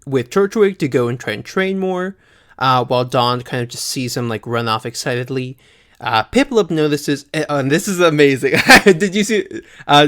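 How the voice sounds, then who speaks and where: Smooth-voiced man recapping an episode. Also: mid-range voice. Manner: animated, laughs often, many fillers. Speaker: podcast co-host. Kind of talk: casual recap chat.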